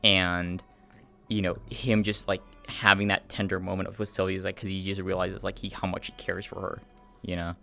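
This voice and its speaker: A man's voice: low-pitched, level tone, normal speed, creaky, bright, forceful tone, soft background music. A male streamer chatting casually about a role-play game, rambling and swearing as he retells scenes. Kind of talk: casual chat.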